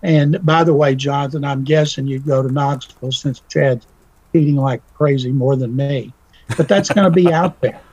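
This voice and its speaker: A man's voice: mid-range voice, moderate pace, darkish tone, breathy edge, no echo, poor audio. A man talking casually as a guest commentator, folksy and telling stories with little acted-out voices. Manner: folksy, acts out quoted voices in his story. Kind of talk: casual radio talk.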